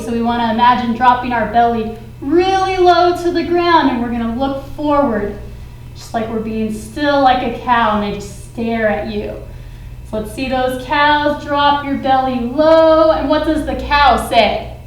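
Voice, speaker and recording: A woman's voice: fairly high pitch, echoey room, rough recording. A woman teaching a children's yoga class, giving playful, encouraging sing-song cues. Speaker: kids yoga instructor.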